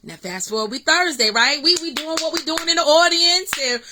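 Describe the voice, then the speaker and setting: Woman vlogger, bright clear tone, higher pitch, animated storytelling. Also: fairly quick, a little hiss or hum, low-quality recording. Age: middle-aged. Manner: excited, animated storytelling with fillers. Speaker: vlog host. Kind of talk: casual storytelling vlog.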